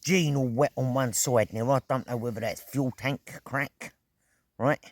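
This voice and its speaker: A man's voice: medium pitch, fairly even intonation, a little slow, dry recording. Man, middle-aged, outdoor vlogger, casual storytelling, slangy, swearing, sound effects, dry close sound. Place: outdoors at an evening camp.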